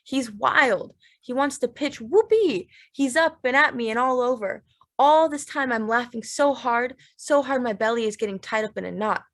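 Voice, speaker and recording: A woman narrating a literary audiobook in a steady, measured, plain way. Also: a little high.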